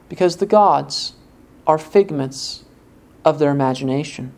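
A man preaching a sermon, reading scripture aloud and asking rhetorical questions, his pitch jumping up for emphasis. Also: measured pace. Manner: pitch rises sharply for emphasis.

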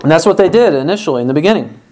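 High-voiced man preaching a sermon. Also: expressive, very fast, a little mellow, a little hiss or hum, rough recording. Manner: emphatic, repeating phrases for stress. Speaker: pastor; parent.

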